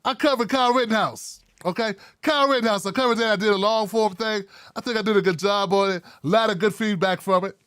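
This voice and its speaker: Male political commentator, fairly high voice, blunt and animated, dry close sound. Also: quick pace, few pauses, clear, resonant tone, no room sound. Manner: blunt, animated, wry asides. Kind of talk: casual solo commentary.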